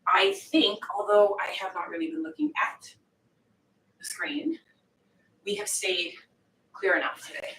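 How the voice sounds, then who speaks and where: A woman's voice: mid-range voice, expressive, unhurried, pauses often, fairly bright tone. A woman fitness coach joking and swearing while she works out, breathing hard. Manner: joking, profane banter while exercising. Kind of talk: live workout coaching. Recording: echoey room, distant mic, faint noise.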